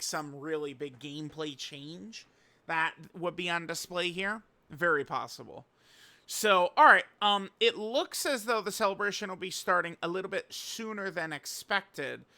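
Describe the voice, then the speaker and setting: A man's voice: on the high side, bright, forceful tone. A young man casually commenting on mobile game news, rambling with lots of fillers and slang.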